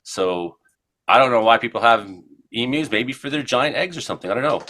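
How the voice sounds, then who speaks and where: Bright-voiced rambling Canadian radio host. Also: male voice, mid-range voice, expressive, a little fast. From Ontario, Canada. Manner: rambling storyteller, many fillers. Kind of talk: casual radio chat. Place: radio studio.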